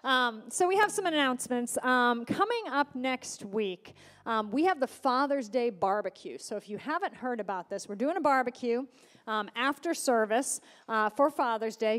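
A woman pastor runs through the church announcements in a chatty, informal way, dotted with fillers. Her voice sits somewhat high. The sound carries the long reverb of a church hall. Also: expressive, normal speed, fairly bright tone.

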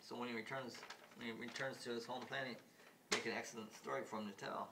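A man's voice: medium pitch, steady tone, vocal fry, pushed and bright, recorded from a distance, slight background noise. Rambling man recounting a TV episode. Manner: rambling, halting, filler-heavy. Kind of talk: casual retelling of a TV episode. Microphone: phone.

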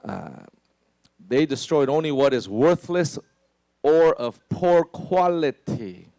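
A pastor preaching a sermon in a conversational way, often asking "right?" and dropping into a lower voice to act out quotes. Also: male voice, slow, creaky, warm tone, no echo. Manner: conversational, many "right?" asides and restarts.

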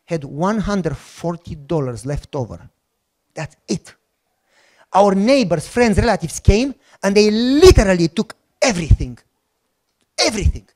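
A middle-aged man, a pastor, telling a testimony in a sermon. He acts out the dialogue, and at moments his voice drops low and soft. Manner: animated storyteller, acts out dialogue.

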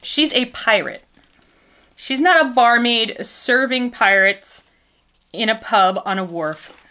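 A woman's voice: fairly high pitch, slow, bright, forceful tone. A woman chatting casually while unboxing and dressing dolls, gushing and goofy, with gasps and playful asides. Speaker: doll collector vlogger.

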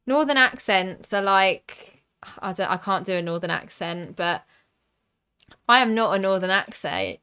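A young woman from the south of England hosts a live stream, talking through each card she pulls and answering viewers' comments. Her voice is bright and smooth. She speaks at an unhurried pace. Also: medium pitch, very animated. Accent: southern English. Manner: chatty, reads out cards and viewer comments. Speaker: streamer opening card packs.

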